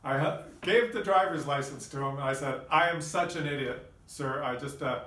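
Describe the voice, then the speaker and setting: A man from Canada telling a personal story in a casual, animated way, exclaiming and using lots of filler words. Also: on the high side, moderate pace, recorded from a distance. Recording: echoey room, off-mic.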